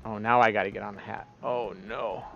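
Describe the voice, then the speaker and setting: A man's voice: fairly low pitch, steady tone, a little fast, creaky, dull audio, faint music behind. A man giving casual, profane gameplay commentary as a streamer, exasperated and talking to the game. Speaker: let's play streamer.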